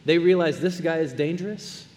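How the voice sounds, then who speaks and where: A man preaching a sermon as a pastor, earnest, dropping to hushed tones and then rising to emphatic ones. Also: on the high side, moderate pace, long reverb tail. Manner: earnest, swings between soft hushed lines and raised emphatic ones.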